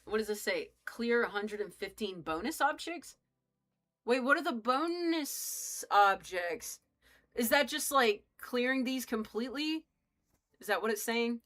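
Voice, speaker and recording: Young woman game streamer, bright and forceful tone, loose rambling chatter, cusses freely, talks straight to chat. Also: fairly high pitch, lively intonation, measured pace. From United States. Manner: rambling, joking, swears freely, chats with viewers. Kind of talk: casual live-stream chat while playing.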